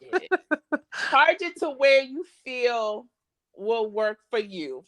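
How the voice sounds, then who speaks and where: Animated high-voiced woman in her thirties. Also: slow pace. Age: 30s. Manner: blunt and animated, acts out arguments. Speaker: podcast co-host. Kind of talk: casual chat.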